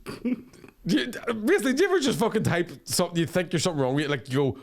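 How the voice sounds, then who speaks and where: A man's voice: a little high, expressive, racing. A man, co-hosting a podcast in a sweary, joking, casual chat. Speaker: podcast co-host.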